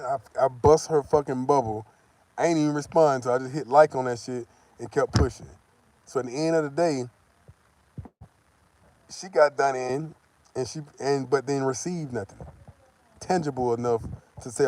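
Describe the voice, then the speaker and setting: A man's voice: mid-range voice, moderate pace, long pauses, a little mellow, no echo. A man telling a personal story to the camera, casual and profane, acting out the people he quotes. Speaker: vlogger.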